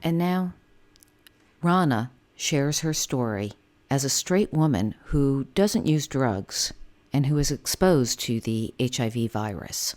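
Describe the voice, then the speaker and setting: A woman hosting a podcast, reading scripted introductions in a measured way. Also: rumbling low, animated, a little mellow, soft background music. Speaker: podcast host.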